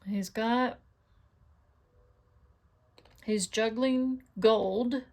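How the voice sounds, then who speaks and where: A woman's voice: on the high side, steady tone, very slow, a little mellow. A middle-aged woman chatting casually while making cards, talking to herself and asking her viewers questions as she works. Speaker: card-making crafter. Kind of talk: casual crafting tutorial chat.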